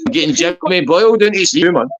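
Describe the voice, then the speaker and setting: A man's voice: sits high, very animated, quick pace, vocal fry. Swearing man on a livestream. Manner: profane, teasing, boisterous. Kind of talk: casual livestream banter. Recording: dull lo-fi stream audio.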